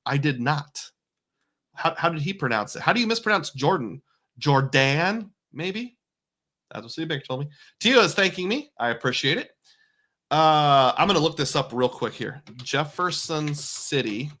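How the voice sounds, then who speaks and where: Male livestream host, bright forceful tone, casual chat reading comments and thanking donors. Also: on the high side, expressive, normal speed. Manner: reads viewer comments and thanks donors, chuckling often. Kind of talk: casual live-stream chat.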